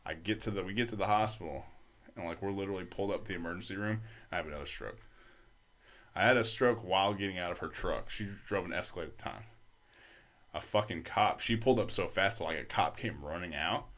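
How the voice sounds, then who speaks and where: A man's voice: low-pitched, quick pace, fairly bright tone. A young man, a podcast guest, telling a story casually, full of swearing and fillers. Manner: profane, rambling, many fillers.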